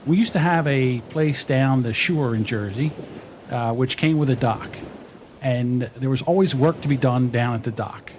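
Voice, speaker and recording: Male podcast host, calm reflective intro, light background noise. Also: medium pitch, moderate pace. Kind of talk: spoken intro.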